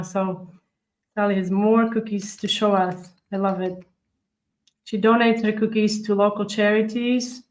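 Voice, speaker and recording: A woman's voice: medium pitch, level tone, unhurried, rough recording. Chatty woman hosting a live cookie tutorial. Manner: chatty, demonstrates step by step while reading viewer comments. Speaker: cookie decorating livestream host.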